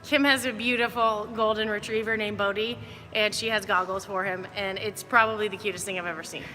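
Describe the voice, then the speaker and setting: A woman's voice: medium pitch, steady tone, brisk, pushed and bright, long reverb tail, faint music behind. A woman fitness coach giving upbeat, chatty movement cues during a live workout.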